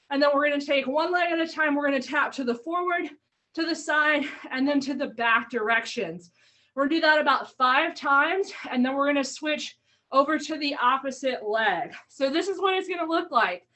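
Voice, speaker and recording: A woman's voice: sits high, lively intonation, moderate pace, sharp tone, distant mic, low-quality recording. A woman fitness coach leading an online workout class, cueing moves and counting down reps while a little out of breath. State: slightly out of breath. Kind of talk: live online workout instruction.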